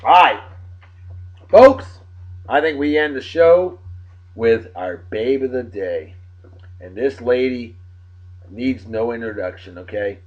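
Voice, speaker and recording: A man from Massachusetts with a Massachusetts accent, hosting a casual solo show, rowdy and boastful, breaking into loud whoops. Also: mid-range voice, measured pace, muffled recording. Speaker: host.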